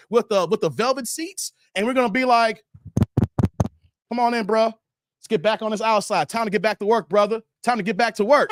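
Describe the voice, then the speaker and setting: Animated livestream host joking with viewers. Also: male voice, sits high. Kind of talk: casual livestream chat reading comments.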